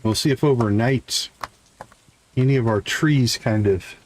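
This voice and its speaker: Man, midwestern accent, live game stream, relaxed chatter, mid pitch, faint background noise. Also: a little slow, low-quality recording. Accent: American Midwestern. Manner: relaxed, chatty, talking to chat while playing. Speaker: gaming streamer. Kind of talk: casual live gameplay commentary.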